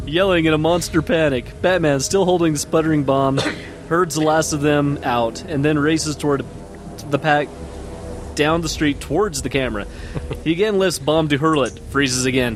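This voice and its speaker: A man's voice: on the high side, normal speed, faint music behind. A man hosting a podcast, reading a film script for laughs with crude asides. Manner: reads stage directions with laughs, crude asides. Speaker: podcast host. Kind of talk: comedic script reading with voices.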